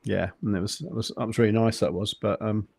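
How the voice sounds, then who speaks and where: A man with a lowish voice talks as a podcast guest, keeping an even, understated tone and stumbling through frequent restarts. His voice sits close and dry, with no room around it. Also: quick pace, creaky, husky, no room sound. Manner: even-toned, understated, hesitant with many restarts. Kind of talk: casual podcast chat.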